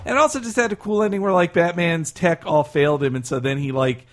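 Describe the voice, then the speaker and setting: A man co-hosting a casual chat, laughing often and slipping into quick impressions. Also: fairly high pitch, a bit bright. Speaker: podcast co-host.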